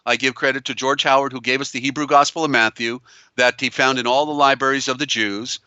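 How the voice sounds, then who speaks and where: A man hosts a live broadcast with insistent, circling emphasis. He stumbles through restarts and fillers. His voice sounds bright and crisp, close and dry on a slightly dull, lo-fi line. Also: medium pitch, steady tone, brisk, no room sound. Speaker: host. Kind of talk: live call-in show, reading viewer comments.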